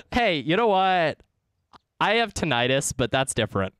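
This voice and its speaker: Swooping, dry-voiced streamer laughing loudly. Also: medium pitch, huge pitch swings, a little slow, clean tone, dry recording. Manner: swears a lot, laughs loudly, teasing. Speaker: streamer and Minecraft server player. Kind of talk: casual gaming chat.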